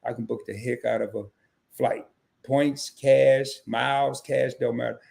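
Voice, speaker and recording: Unhurried and medium-pitched with vocal fry, a man hosts a casual travel livestream. He talks with his viewers, calling out chat names, and animatedly acts out quoted exchanges.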